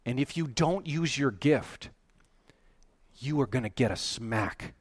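A man preaching a sermon, animated and emphatic, often rising to loud, excited peaks. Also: mid-range voice, takes it slowly, breathy edge, no room sound. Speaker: pastor.

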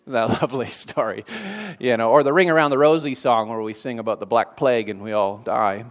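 A man's voice: medium pitch, steady tone, quick pace. A man preaching a sermon in a conversational way, with dry sarcastic asides.

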